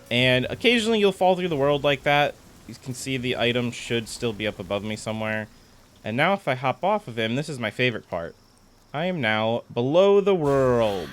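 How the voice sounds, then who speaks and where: A man's voice: mid-range voice, a bit bright. A man giving casual gameplay commentary, chatty and explaining things step by step as he plays. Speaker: gaming content creator.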